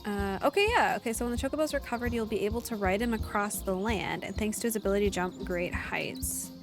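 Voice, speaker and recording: A woman streaming a game live in casual, chatty commentary at a desk mic. She sounds animated and giggly, with a mid-range voice. Game music plays clearly behind her. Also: mid-range voice, fast talker.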